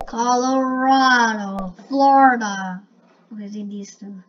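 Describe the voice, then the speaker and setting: Woman, somewhat high voice, excitable game commentary, muffled lo-fi sound. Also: slow pace. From India. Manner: excitable, bursts into loud exclamations. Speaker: gamer. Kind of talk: casual gameplay commentary. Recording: muffled lo-fi recording with faint hiss.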